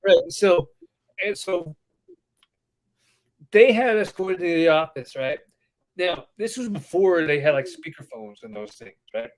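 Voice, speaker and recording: A man with a slightly high voice tells a story on a casual podcast. He is animated and acts out the people in it as he goes. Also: unhurried, long pauses. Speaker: podcast co-host. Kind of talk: casual chat.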